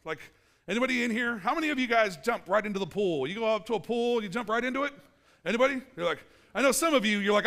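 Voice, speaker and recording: A man's voice: extremely high pitch, fast talker. A male pastor preaching a casual, playful sermon in church, acting out little scenes. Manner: animated, playful, acts out little scenes and quotes.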